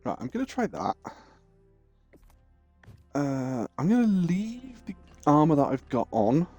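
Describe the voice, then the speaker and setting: A man's voice: fairly high pitch, very animated, a little slow, darkish tone, dry recording. A man streaming games and rambling through a story, swearing casually, with faint music behind. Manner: rambling, lots of fillers and restarts, swears casually. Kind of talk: livestream storytelling and gaming chat.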